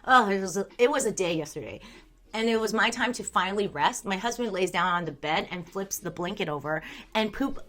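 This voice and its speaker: A woman's voice: medium pitch, animated, a little fast, fairly bright tone. A young woman streaming live, chatting casually with viewers, reading their messages aloud and laughing often.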